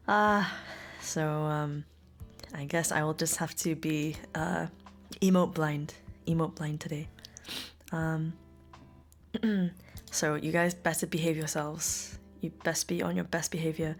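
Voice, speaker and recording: Giggly woman streaming. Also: low-pitched. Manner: giggly, playful, chatty with chat. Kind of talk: casual live-stream chat. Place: home room.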